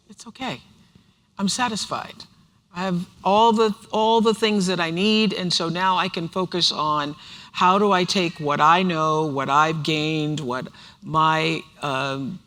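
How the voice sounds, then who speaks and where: An older woman from the United States tells stories on a stage mic, emphatic and fond of repeating herself for effect. Her voice is forceful and bright. The large auditorium lends it a long, reverberant tail. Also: low-pitched. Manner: emphatic storytelling with repetition. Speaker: author on stage. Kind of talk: onstage conversation. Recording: reverberant hall sound.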